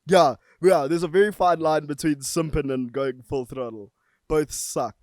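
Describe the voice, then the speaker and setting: A man's voice: on the high side, darkish tone, dry recording. Teasing, laughing podcast co-host man. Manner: laughs often, teasing, drawn-out joking bits. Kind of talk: casual chat.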